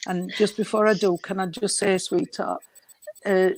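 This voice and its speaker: A woman's voice: medium pitch, level tone, normal speed, poor audio. A woman giving a spiritualist mediumship reading, emotional and affectionate, calling the listener darling and sweetheart. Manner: emotional, tearful, affectionate, calls people darling. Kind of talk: mediumship reading in a church service.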